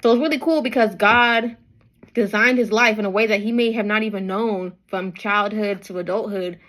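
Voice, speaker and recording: A young woman from Nigeria retelling a Bible story in casual slang, acting out the people in it with lively quoted voices. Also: normal speed, low-quality recording. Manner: animated, acts out crowds with high-pitched quoted voices and slang. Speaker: bible study vlogger.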